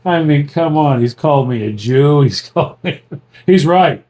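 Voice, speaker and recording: A man with a slightly high voice co-hosts a podcast at a moderate pace, trading casual banter. His storytelling is animated and packed with swearing and laughter.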